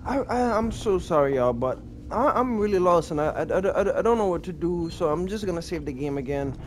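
Man, casual gameplay commentary, rambling, self-mocking, lively pitch. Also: brisk, slight background noise. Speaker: gaming video creator.

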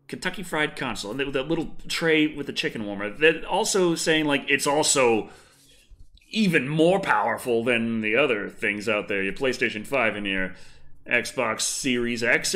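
A man's voice: mid-range voice, lively intonation, normal speed, bright, forceful tone. A man hosting a casual podcast chat, rambling, swearing freely and breaking into put-on voices. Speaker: podcast host.

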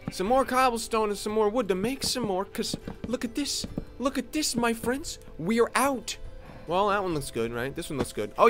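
A young man giving playful, excitable commentary while playing a survival game, chatting with his viewers. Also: high voice. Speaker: Minecraft let's play host. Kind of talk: casual gameplay commentary.

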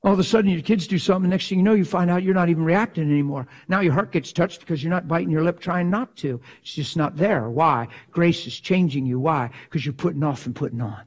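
A male preacher delivering a sermon in a somewhat high voice. He is emphatic, stretches his rhetorical questions out slowly, and keeps asking the listeners whether they follow. At other times he drops to a hushed, prayerful tone. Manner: asks the crowd for assent.

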